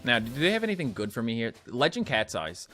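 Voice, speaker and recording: A man's voice: medium pitch, huge pitch swings, fast, fairly bright tone, soft background music. A young man live-streaming a mobile game, chatting loosely and answering viewer comments as he plays. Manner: coaxing the game on, repeating short phrases.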